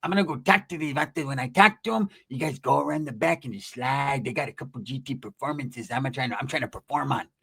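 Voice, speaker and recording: A man voicing a scheming young male gang kid and bike thief, in a low, laid-back street drawl. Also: fast talker, creaky, hardly any pauses, fairly bright tone, husky, dry recording, clean studio sound.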